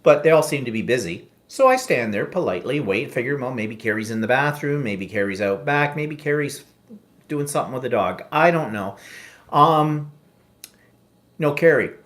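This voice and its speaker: A podcast co-host tells an anecdote on a casual talk show, lacing it with sarcasm and bits of mimicked voices. His mid-range voice is expressive and a bit bright, at a moderate pace.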